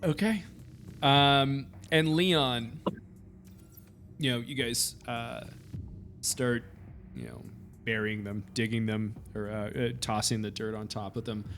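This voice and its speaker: A man's voice: medium pitch, fairly even intonation, slow, pauses often, a bit bright. Man game master, casual rambling narration, faint music behind. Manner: casual, hesitant, full of fillers.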